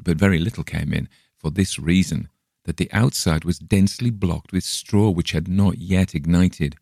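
A man reading a gothic tale aloud in the first person, measured and suspenseful, on a close microphone. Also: very deep voice, gravelly, a little mellow, no echo. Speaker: audiobook narrator. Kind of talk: storybook reading.

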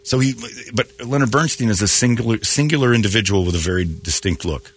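A man hosting a morning radio show, ranting sarcastically about the news and slipping into quick mocking quotes. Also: on the low side, breathy edge. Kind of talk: opinionated morning radio banter.

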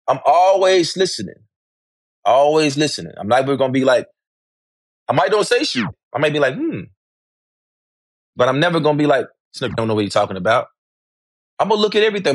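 A man's voice: medium pitch, dry recording, studio quality. A middle-aged man, speaking candidly as an interview guest, emphatic and repetitive, swearing freely.

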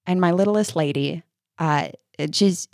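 A woman co-hosting a casual parenting podcast, telling animated stories and acting out how she soothes her child. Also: lowish voice, measured pace, no room sound, clean studio sound. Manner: animated storyteller, acts out soothing lines, laughs often. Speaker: podcast co-host.

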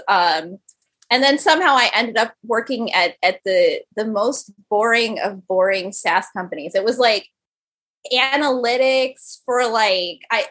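On a podcast, a young adult startup founder chats casually with the interviewer, rattling off stories packed with "like." Her voice sits a little high and sounds a bit bright and slightly rough.

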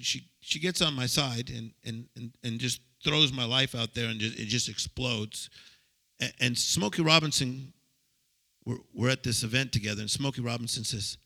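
A male preacher giving an excitable sermon to a live audience, stammering and repeating himself and shouting to the crowd. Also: mid-range voice, moderate pace, gravelly.

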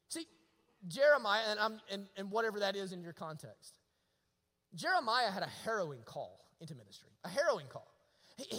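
A preacher in his thirties, his voice unusually high and ringing bright. He delivers a sermon in a large hall with a long reverb, moving between booming emphasis and near-whispers. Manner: dynamic, swings from loud to hushed.

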